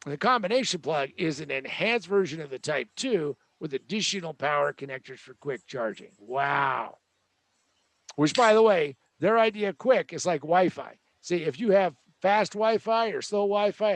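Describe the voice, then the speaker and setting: A man's voice: a little high, lively intonation, moderate pace, no room sound. A man hosting a show, delivering a joking, sarcastic tech rant with a rambling manner. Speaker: host.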